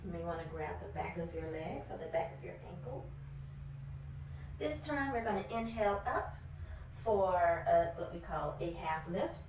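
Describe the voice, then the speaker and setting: Woman, kids yoga teacher, gentle and encouraging, echoey room, mic far away, faint background hiss. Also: lowish voice, expressive, normal speed. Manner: gentle, encouraging, repeats praise often. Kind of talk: guided yoga class for children.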